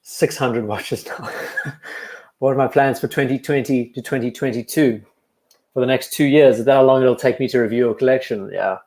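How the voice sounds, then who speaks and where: A young man whose accent mixes South African and English talks in a relaxed, rambling way as he reads out viewer comments. His voice sits at an ordinary middle pitch. He is recorded in an echoey room at home. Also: brisk. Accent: blend of South African and English. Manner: relaxed, rambling, answers chat questions between watch remarks. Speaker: watch channel host on a live stream. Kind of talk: casual live-stream chat, reading viewer comments.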